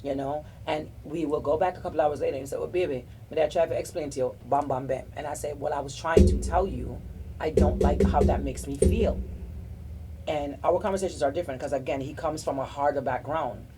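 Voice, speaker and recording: Her voice is low and steady and a little fast, with background noise around it. She's a middle-aged South Florida podcast host giving sincere, warm-hearted relationship advice in a casual group chat, rambling and restarting her sentences.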